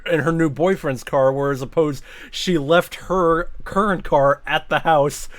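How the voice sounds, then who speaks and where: Casting: young male streamer, somewhat high voice, loose rambling chatter full of swearing, dry close mic. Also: unhurried, no echo. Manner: rambling, swears a lot, says "bro" often. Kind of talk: casual reaction commentary.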